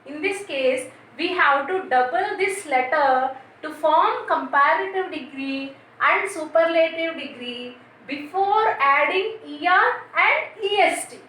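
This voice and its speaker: Female teacher, bright and sharp, drills spellings with questions to children; recorded off-mic in a booming room. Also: expressive, takes it slowly. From India. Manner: spells words letter by letter and quizzes the children. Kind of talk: classroom grammar lesson. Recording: very echoey room, voice from a distance, faint noise.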